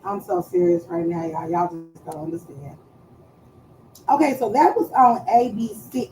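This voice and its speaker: A woman chatting casually on a live stream, loud and playful, swearing freely and trailing off as she searches for words. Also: a little high, big pitch swings, measured pace, creaky, a little hiss or hum, rough recording.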